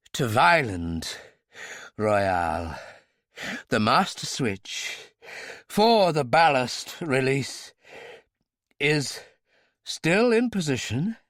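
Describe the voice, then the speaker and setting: A man's voice: mid-range voice, no room sound, studio quality, heavily acted. A man playing a coldly implacable interrogator. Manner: quiet, implacable, menacing. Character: cold, ruthless male hero interrogating a captive.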